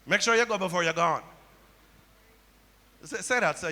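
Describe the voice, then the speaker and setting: A man's voice: high-pitched, moderate pace, sharp tone. A man preaching a sermon as pastor, telling stories and repeating key phrases back to the congregation. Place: church sanctuary. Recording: long hall reverb.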